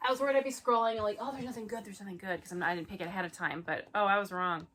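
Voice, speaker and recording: A woman's voice: mid-range voice, fairly even intonation, very fast, sharp tone, slight background noise. A young woman co-hosting a casual chat, reading bad reviews aloud with sarcastic, mock-indignant remarks.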